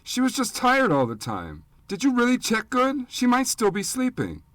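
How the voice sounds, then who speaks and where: A man voicing a frightened, grieving young boy who cries and shouts in a high, cracking voice in an audiobook. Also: very animated, moderate pace, vocal fry, dry recording. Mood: distraught.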